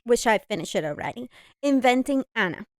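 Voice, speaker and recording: A woman with an accent heard as both Hispanic and Eastern European, co-hosting a podcast in an expressive, teasing way. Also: a little high, fairly quick, no echo, studio quality. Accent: Eastern European-sounding Spanish. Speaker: podcast co-host. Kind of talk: casual chat.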